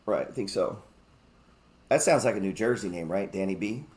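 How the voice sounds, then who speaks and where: A man's voice: on the low side, animated, moderate pace, noisy background. A man hosting a live stock market show, chatting casually, joking and swearing freely as he talks through his trades. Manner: reads viewer chat aloud.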